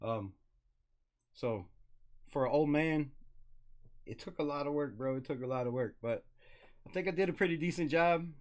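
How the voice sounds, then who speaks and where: A middle-aged man from California with a slight Southern country twang, hosting a casual livestream and talking in excitable, profane, slangy banter. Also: fairly high pitch, normal speed, long pauses. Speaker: livestream host.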